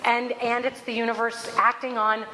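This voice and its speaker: A woman host giving a spiritual reflection talk, telling stories in an animated way with laughter. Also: a little high, normal speed. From Alaska. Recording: echoey room, faint background noise.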